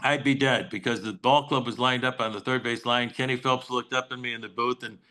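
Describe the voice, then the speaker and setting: An older man with a bright, ringing voice, spinning long anecdotes in a relaxed interview. He slips into the people he quotes as he goes, chuckling along the way. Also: mid-range voice, fairly quick, rough recording. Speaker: Mariners broadcaster, guest. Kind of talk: casual interview chat, storytelling.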